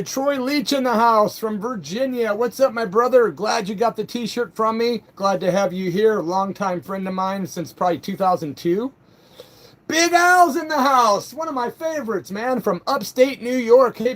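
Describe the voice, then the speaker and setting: A middle-aged man hosting a casual live stream, reading chat comments aloud in a loose, profane way that flares up and then laughs it off. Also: high-pitched. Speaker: livestream host.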